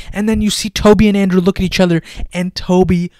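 Male reviewer, slightly high, animated, surges loud then goes hushed, dry room, headset mic. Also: fairly quick, few pauses, no echo. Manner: animated, swings between loud excitement and hushed near-whispers. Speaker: film reviewer. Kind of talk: excited casual film review.

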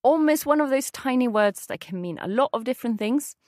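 Swedish lady teaching, higher voice that moves around a lot, says yes a lot, patient. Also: lively intonation, fairly quick, darkish tone, no echo, clean studio sound. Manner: patient, confirms with short yes. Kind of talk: casual language lesson chat.

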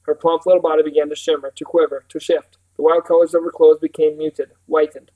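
Slightly high-voiced man reading a novel. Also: a little fast, low-quality recording. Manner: steady reading with occasional self-corrections. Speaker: reader.

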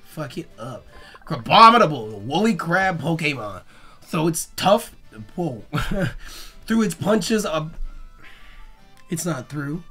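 A young man hosting a casual let's play, excitable and profane, talking back to the creatures on screen. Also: a little high, slow pace, long pauses, soft background music. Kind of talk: casual gameplay commentary.

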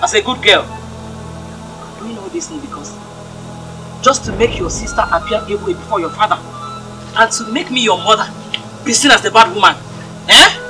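A woman's voice: mid-range voice, lively intonation, moderate pace, long pauses, distant mic, over music, close to an everyday voice, rough recording. A woman playing a harsh, scornful mother who berates her daughter in a film drama. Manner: shouting, berating.

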